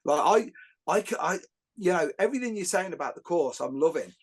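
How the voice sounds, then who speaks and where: A middle-aged man, hosting a podcast and telling jokey stories in a lively, rambling way with many fillers and restarts. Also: high-pitched, brisk, slightly rough. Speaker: podcast host. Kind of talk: casual podcast conversation.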